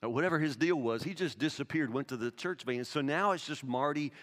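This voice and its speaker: A man's voice: mid-range voice, a little fast, fairly bright tone, big-room sound. A man pastor preaching a sermon, telling a story and then pressing his point with emphatic questions. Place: church sanctuary.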